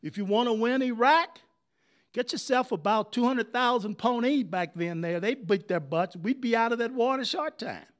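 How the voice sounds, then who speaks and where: An older man giving a storytelling history talk, animated and conversational, often checking in with his audience. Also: extremely high pitch, moderate pace. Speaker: history speaker.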